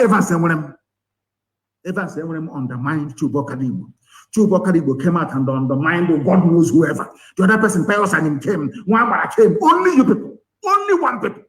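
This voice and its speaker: A man's voice: medium pitch, rough recording. A man with a Nigerian accent giving an impassioned live broadcast, angry and scornful, firing rhetorical questions. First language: Igbo. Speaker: activist leader broadcasting.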